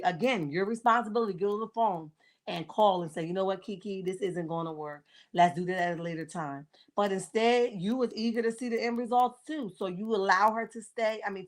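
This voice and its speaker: Sassy woman in her forties hosting a live chat. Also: medium pitch. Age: 40s. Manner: sassy, blunt, keeps checking in with "okay?"; greets viewers by name as they join. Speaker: livestream host. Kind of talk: casual live-chat commentary on reality TV.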